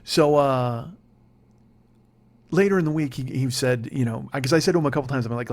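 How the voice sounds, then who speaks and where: A man's voice: fairly high pitch, lively intonation, fast. A man in his forties hosting a comedy podcast, telling a rambling, self-mocking story with lots of swearing. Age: 40s.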